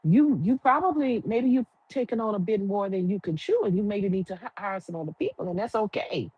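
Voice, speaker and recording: A woman's voice: medium pitch, animated, a little fast, breathy edge, no room sound, lo-fi sound. A woman giving a casual, opinionated recap of a TV episode, firing off rhetorical questions in colloquial speech. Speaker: TV recap reviewer. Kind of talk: casual chatty review.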